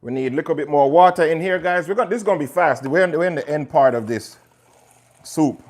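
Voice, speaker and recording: A man's voice: fairly high pitch, fast. A man with a Jamaican accent hosting a live cooking stream, chatting and joking with his viewers as he cooks. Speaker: chef hosting a livestream. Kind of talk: casual live cooking chat.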